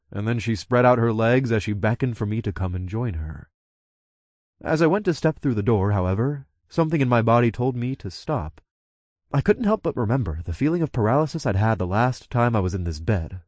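A man's voice: mid-range voice, a little mellow, no room sound, studio quality. Man reading a first-person audiobook. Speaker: audiobook narrator.

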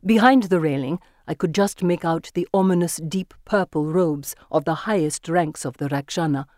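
Measured, vivid first-person audiobook reader; close, dry studio sound. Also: mid-range voice, a little mellow, dry recording. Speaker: audiobook narrator. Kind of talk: first-person scripted narration.

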